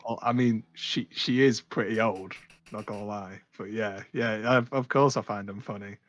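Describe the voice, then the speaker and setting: A young man with a British accent, speaking a little low, chats as a podcast guest. He sounds laid-back and mumbles his words, often letting sentences trail off. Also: steady tone, moderate pace, soft background music. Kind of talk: casual chat.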